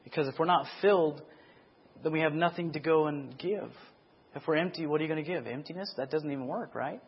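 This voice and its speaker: A middle-aged man preaching his testimony in a sermon, asking for amens and getting loud and excited as he retells stories. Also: fairly high pitch, fairly quick, slightly rough, muffled recording.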